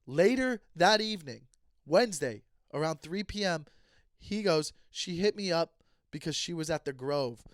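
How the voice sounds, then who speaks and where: High-pitched guy ranting and swearing on his podcast, dry close sound, plays both sides of the convo. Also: lively intonation, moderate pace, dry recording. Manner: heated, ranting, profane; acts out both sides of conversations. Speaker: comedian and podcast host. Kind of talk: casual storytelling monologue.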